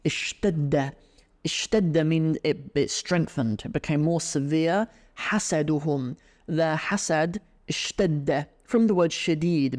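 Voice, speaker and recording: Man, somewhat high pitch, language teacher, reads then explains, chatty with fillers. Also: darkish tone. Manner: reads Arabic aloud then explains in English. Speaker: Arabic teacher. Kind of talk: podcast language lesson.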